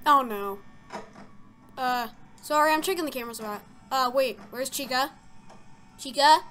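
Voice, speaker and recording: A young woman with a high, pushed and bright voice plays a game and comments at normal speed for her let's-play video. Jumpy and easily startled, she gasps and squeals often, rambling with filler-heavy talk.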